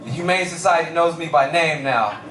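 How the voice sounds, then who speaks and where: Animated young man doing stand-up. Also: a little high, fairly quick, roomy sound, far from the mic, a little hiss or hum. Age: young adult. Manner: animated storytelling with lots of voices and shouts. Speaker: stand-up comedian. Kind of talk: stand-up comedy set.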